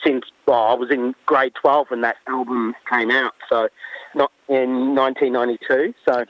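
A man's voice: mid-range voice, level tone, moderate pace, no echo, highs cut off. An Australian man in his forties, a winemaker guest, telling stories in a chatty, enthusiastic way with many fillers. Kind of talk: casual storytelling.

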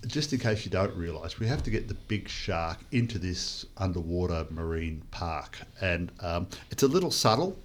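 A man's voice: low voice, sing-song, moderate pace, few pauses, a little hiss or hum. A man hosting a casual film chat, talking in a loose, rambling way with many restarts. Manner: rambling, hesitant, full of restarts. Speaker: podcast host reviewing a film.

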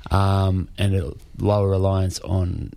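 A man's voice: low voice, fairly even intonation, slow, gravelly, mellow. A male radio host from Australia, chatty and wordy as he asks his questions. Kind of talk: casual radio chat.

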